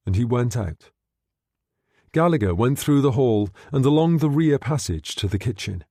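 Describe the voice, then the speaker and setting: A man narrating a thriller audiobook in an expressive reading style. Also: mid-range voice, normal speed, no echo, studio quality. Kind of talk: scripted narration.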